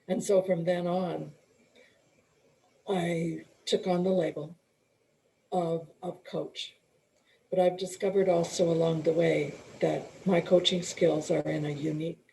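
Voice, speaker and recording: A middle-aged woman speaks slowly as an interview guest, her voice carrying a gravelly edge. She tells her story earnestly, with restarts and the odd clearing of her throat. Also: on the low side, mellow, slight background noise, rough recording. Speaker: guest, empowerment coach and author.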